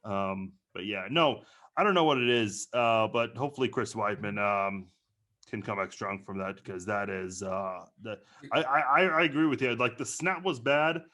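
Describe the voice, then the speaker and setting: Bright-voiced chatty podcast guest. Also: male voice, on the low side, moderate pace. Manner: chatty, hesitant with fillers. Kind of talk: casual chat.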